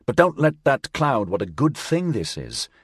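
A man voicing a calm, earnest male crewman in an audiobook, persuading gently. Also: mid-range voice, moderate pace, slightly rough, no room sound, clean studio sound, voice pushed up.

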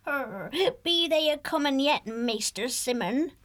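A man's voice: very high-pitched, expressive, measured pace, fairly bright tone, voice pushed up, heavily acted. A man voicing a small, eager baby mole who talks in a rustic dialect. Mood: eager hush.

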